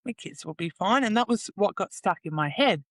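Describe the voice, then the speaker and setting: Lively intonation marks this woman's mid-range voice, which moves fairly quickly with no echo. In a frank personal interview, she shares her story emotionally and unfiltered, swearing freely as she performs the quoted words of others.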